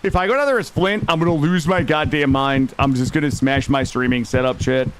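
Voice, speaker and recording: A man streaming a game live, excitable, swearing and talking to his chat. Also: mid-range voice, fairly quick, a little hiss or hum. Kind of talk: live gameplay commentary.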